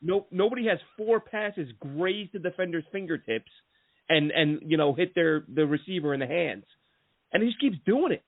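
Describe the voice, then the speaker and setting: A man hosting a casual sports podcast spins long, rambling stories full of asides and restarts, animated throughout. His voice leans high and moves at a moderate pace, and the recording is dry with a tinny phone-line sound and no room sound.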